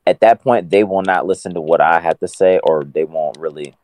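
A man in casual podcast chat, talking in a slow, deliberate, dry way. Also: deep voice, a little mellow, no room sound.

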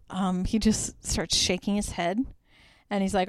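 Chatty young woman with a smooth voice. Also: mid-range voice, flat delivery, a little slow, a little mellow, dry recording. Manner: chatty, lots of "like" fillers; quotes characters in her own voice. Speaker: podcast host. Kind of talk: casual film recap.

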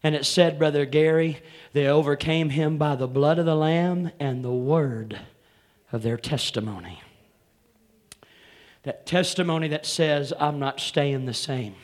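A male pastor preaching with twang. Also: fairly high pitch. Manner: rising to loud, drawn-out shouted preaching, calling out congregation members by name; repeats "come on here" as a call to the congregation. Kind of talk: sermon.

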